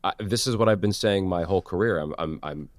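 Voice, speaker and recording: Low-voiced, chatty man in his thirties. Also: no room sound, studio quality. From New York City. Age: 30s. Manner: chatty, self-deprecating, halting restarts. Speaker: guest actor and producer. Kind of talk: podcast interview.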